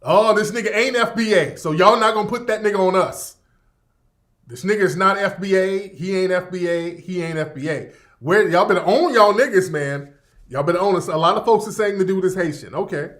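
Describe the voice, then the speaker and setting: A man hosts a radio show as casual livestream commentary, rambling, profane, repeating himself and reacting to chat. His voice sits high, brisk and a bit bright.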